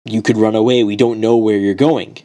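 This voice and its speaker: A storyteller puts on an old-time ruler sitting in judgment. He questions the accused sharply and doubts his word, in a lowish man's voice. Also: level tone, brisk, warm tone, close to an everyday voice. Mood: doubtful. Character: stern caliph judging a murder case.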